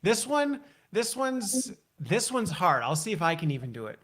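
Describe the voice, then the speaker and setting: A man's voice: sits high, sing-song, normal speed, fairly bright tone. A man hosting a live online talk show, chatting casually and upbeat, laughing often and teasing his guest. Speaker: host. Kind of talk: casual livestream chat.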